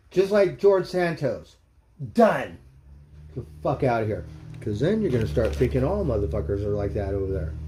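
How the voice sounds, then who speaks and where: A man on a livestream rants in blunt, heated bursts and swears freely. His voice is dark and mellow, and his pitch sits mid-range for a man. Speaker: livestream host. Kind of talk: casual ranting commentary. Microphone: streaming mic.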